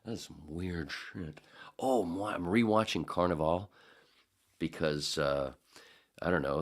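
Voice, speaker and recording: A man in his forties hosting a podcast, rambling casually with profane jokes and quick impressions. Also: extremely low pitch, lively intonation, vocal fry. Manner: profane, jokey, slips into impressions. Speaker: podcast host.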